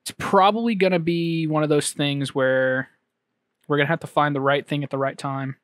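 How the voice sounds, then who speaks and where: Man, fairly high voice, dry studio mic, rambling casual chat, lots of ums. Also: fairly even intonation, a bit bright, no room sound. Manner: rambling, halting, with many restarts and ums. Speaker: podcast co-host. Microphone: studio microphone.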